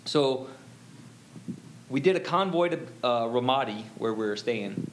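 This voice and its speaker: A man's voice: medium pitch, animated, unhurried, a little hiss or hum. Rambling middle-aged man telling a story. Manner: rambling, full of "you know" fillers. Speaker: interview guest. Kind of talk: personal storytelling.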